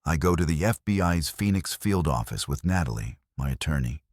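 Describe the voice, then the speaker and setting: A man's voice: very deep voice, lively intonation, a little fast, no echo, studio quality. A man narrating a first-person drama story in short, dramatic sentences, reading all the dialogue in his own voice.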